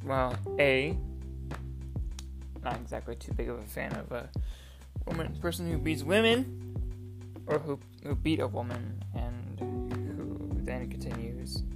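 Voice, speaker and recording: A woman's voice: rumbling low, vocal fry. A woman hosting her own casual podcast, rambling on with frequent swearing and self-mocking asides. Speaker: podcast host.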